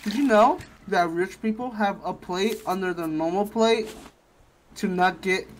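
A young man chatting casually while playing a game with a friend, soft-spoken and low-key. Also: measured pace, a little hiss or hum, poor audio. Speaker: co-player. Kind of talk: casual gaming chat.

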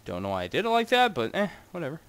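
A man's voice: wildly swooping pitch, racing, fairly bright tone, smooth. Young guy rambling over his game, voice bouncing all over the place, chatting to viewers. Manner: rambling and chatty, talks to his audience, jumps between wild highs and mutters. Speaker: Minecraft gaming channel host. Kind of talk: casual gameplay commentary.

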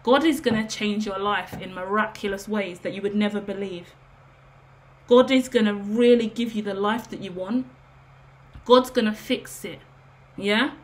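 A woman's voice: medium pitch, normal speed. Earnest emotional woman giving a tarot reading. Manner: earnest, emotional, rambling with fillers. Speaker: tarot reader. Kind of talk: casual spoken tarot reading.

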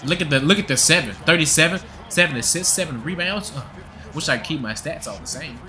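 A man's voice: on the high side, animated, fast, pushed and bright. A young man giving profane, trash-talking gameplay commentary with a hyped, joking manner. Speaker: gaming video creator.

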